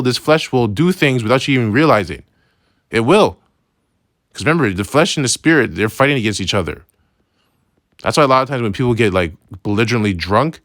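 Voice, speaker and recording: A man's voice: mid-range voice, fairly bright tone, no echo, clean studio sound. A man teaching a casual Bible lesson in a loose, slangy way, often checking in with "right?". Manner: conversational, keeps asking "right?"; slangy, loose phrasing with restarts. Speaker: religious teacher.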